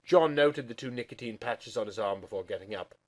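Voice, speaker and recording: A man's voice: mid-range voice, brisk. A man giving a comic dramatic reading as the channel host, with an over-the-top, melodramatic delivery.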